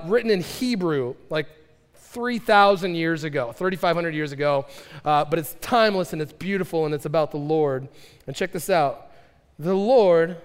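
A man preaching a casual sermon to a youth group, talking fast and chatty with lots of filler words. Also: a little high, smooth. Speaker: youth pastor. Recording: long hall reverb.

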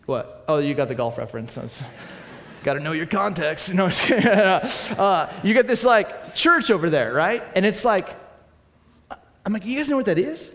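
Animated preacher in a reverberant hall. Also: male voice, sits high, measured pace. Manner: animated, lively storyteller, jumping between soft asides and excited bursts. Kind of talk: sermon with personal storytelling.

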